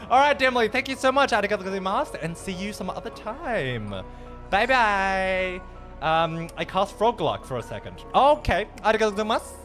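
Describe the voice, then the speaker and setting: A man's voice: high voice, a bit bright. A man chatting casually on a livestream, swearing freely and dropping in Japanese phrases.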